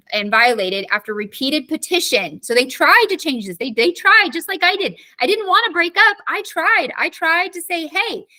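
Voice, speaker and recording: A woman teacher with a high-ish, bright, forceful voice, giving a casual live online lesson. She talks in a chatty, animated way, peppering her speech with fillers and asides as she tells stories. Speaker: government teacher.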